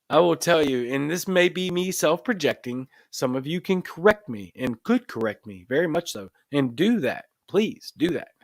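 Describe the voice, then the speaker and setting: A man's voice: on the high side, dry recording. A man with a Cajun accent hosting a live show, talking casually to viewers and reading their comments, earnest and emphatic, often restarting his phrases. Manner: earnest, repeats himself, restarts phrases, builds to emphatic points. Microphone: desk microphone in front of camera.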